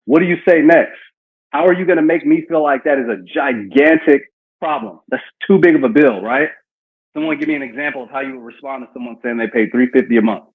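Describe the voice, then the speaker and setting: Over tinny, phone-like audio, a man with a husky, medium-pitched voice speaks a little fast. He leads a live sales training session, coaching the team on cold-call lines and role-playing phone conversations.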